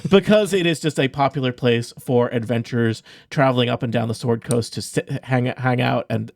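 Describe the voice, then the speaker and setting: A man's voice: mid-range voice, vocal fry, dry recording, studio quality. A man narrating as game master in a casual, joking way, with many fillers and restarts.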